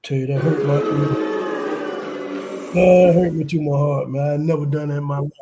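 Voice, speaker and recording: A man's voice: a little high, steady tone, moderate pace, mellow. A man from North Carolina co-hosting a sports podcast, talking casually and emphatically with many ums and repeats. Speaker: podcast co-host.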